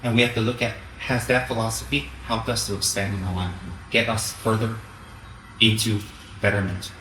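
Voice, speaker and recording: A man giving an animated Dharma talk as a Buddhist teacher, often mocking the voices of his critics. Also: fairly low pitch, normal speed, roomy sound, slight background noise, rough recording.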